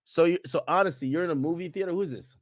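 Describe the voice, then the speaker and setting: A man's voice: on the high side, rapid-fire, no room sound, clean studio sound. A young man streaming casual reaction commentary in a slangy, joking way.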